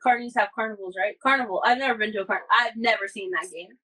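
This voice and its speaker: A woman's voice: medium pitch, quick pace, pushed and bright, a little hiss or hum, poor audio. A woman chatting casually from across the room, rambling and correcting herself as she goes.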